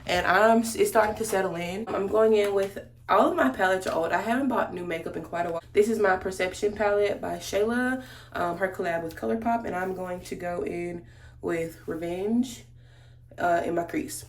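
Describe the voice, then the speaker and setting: A woman's voice: mid-range voice, normal speed, slight background noise. A woman chats through a storytime while doing her makeup, slangy and familiar as she talks to her viewers. Her voice sits in a middle register. The room around her gives it a roomy echo. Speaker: beauty vlogger. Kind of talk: casual storytime chat during a makeup tutorial.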